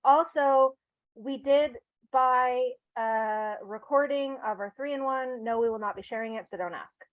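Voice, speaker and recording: A woman's voice: sits high, a little slow, no echo, narrow, tinny audio. A woman co-hosting a podcast, bantering and teasing with frequent laughter. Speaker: podcast co-host. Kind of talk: casual chat.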